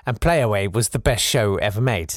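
A man hosting a podcast, chatting casually in a wry, rambling, gently self-mocking way as he reads out and answers listener messages. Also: lowish voice, lively intonation, a little fast, no echo. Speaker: podcast host.

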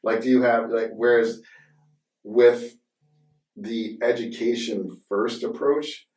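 A man's voice: medium pitch, fairly even intonation, slow, a little mellow. A man hosting a podcast, chatting casually and rambling with many fillers and restarts. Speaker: podcast host. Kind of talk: casual conversation. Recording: roomy sound from a distant mic.

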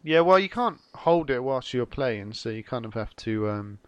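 A man's voice: medium pitch, animated, clean tone, muffled recording. A man co-hosting a comedy podcast, teasing and laughing as he chats casually. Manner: giggly, teasing, drawn-out. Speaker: podcast co-host.

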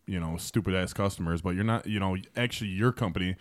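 A man's voice: sits low, quick pace, dry recording, clean studio sound. A man in casual podcast chat, laid-back and joking, swearing offhandedly.

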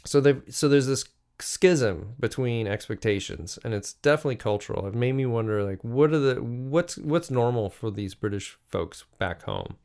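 A man's voice: medium pitch, expressive, moderate pace, hardly any pauses, darkish tone, clear, resonant tone. A middle-aged man from the United States, hosting a podcast and musing aloud in a solo monologue, with frequent restarts. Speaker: podcast host.

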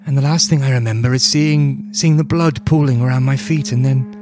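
A woman voicing a shaken, bedridden young village woman in a put-on Welsh accent, halting and repeating her words. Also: extremely low pitch, fairly even intonation, music in the background.

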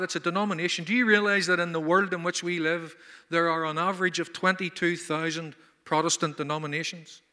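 A man's voice: on the high side, pushed and bright, long reverb tail. A man preaching a sermon at a conference, emphatic and full of rhetorical questions. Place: conference hall.

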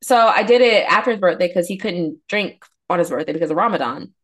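A woman's voice: on the low side, quick pace. Young woman podcast cohost, rambly storytelling, says like a lot. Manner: rambling storyteller, constant "like" fillers. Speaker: podcast co-host. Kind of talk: casual chat, storytelling.

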